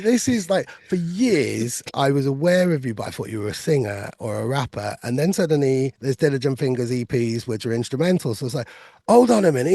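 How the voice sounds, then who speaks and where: A man's voice: medium pitch, warm tone, no room sound. A man with a Welsh accent interviewing a musician, enthusiastic and full of praise. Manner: enthusiastic, praising, reads from notes. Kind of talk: casual interview.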